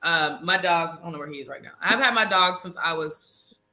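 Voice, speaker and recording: A woman in her thirties telling a dramatic story in a casual interview, animated and talking straight to viewers. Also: on the low side, fairly quick. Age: 30s. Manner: animated, dramatic, addresses audience as y'all. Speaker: reality show cast member, guest; nurse.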